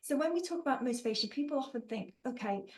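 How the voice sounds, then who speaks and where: A woman trainer running an online workshop, with a fairly high voice and an upbeat, joking manner. She talks to participants in a friendly, encouraging way, reading out their answers and building on them. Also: animated, fast, slight background noise, low-quality recording. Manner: upbeat, jokey, reads out participants' chat answers.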